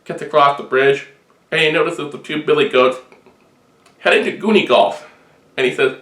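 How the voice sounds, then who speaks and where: A man tells a long shaggy-dog joke in a deadpan storytelling manner. His voice sits at a middle pitch. The room adds a roomy echo. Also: normal speed, pauses often. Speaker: joke teller.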